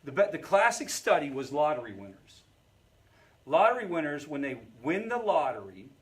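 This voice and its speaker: This man's voice sits on the high side with a sing-song lilt at a moderate pace. As leader of a family recovery group, he teaches in a chatty way, tells little stories on the side, and keeps checking in with his listeners.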